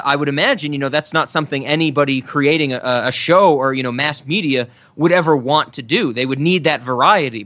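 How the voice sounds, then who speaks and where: A laid-back male podcast co-host from the Mountain West of the US chats casually. His voice is bright and a little raised in pitch. The recording sounds slightly muffled. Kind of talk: casual chat.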